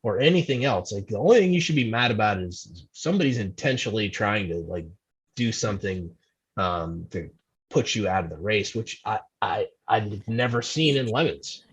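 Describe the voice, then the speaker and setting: A man's voice: on the low side, animated, moderate pace, breathy edge. A man from New Jersey telling stories as a podcast guest, rambling and restarting his sentences, often laughing at himself. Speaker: amateur racing team member, podcast guest. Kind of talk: casual storytelling. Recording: dull, lo-fi sound.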